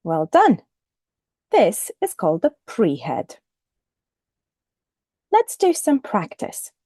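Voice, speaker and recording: A woman teaching a recorded lesson, speaking clearly and deliberately and modelling the intonation of example phrases. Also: medium pitch, huge pitch swings, dark tone, no room sound, studio quality. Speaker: English teacher.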